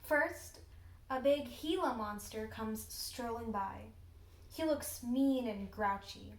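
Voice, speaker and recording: A woman's voice: a little high, echoey room, low-quality recording. Teenage girl reading a children's book aloud. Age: teens. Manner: expressive, deliberate. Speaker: storybook reader. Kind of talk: children's read-aloud narration.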